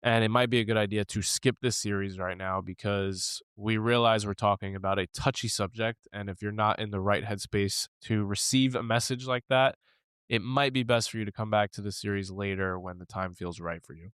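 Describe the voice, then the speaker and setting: A man's voice: lowish voice, steady tone, fairly quick, a bit bright, smooth, no room sound. A man co-hosting a podcast, telling a personal story candidly and with animation, laughing now and then and swearing casually. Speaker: podcast co-host.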